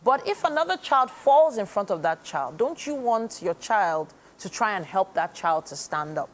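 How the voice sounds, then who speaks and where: A woman's voice: mid-range voice, lively intonation, moderate pace, a little hiss or hum. A woman co-hosting a breakfast TV show who listens closely, gives frequent short affirmations and asks questions. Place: TV studio.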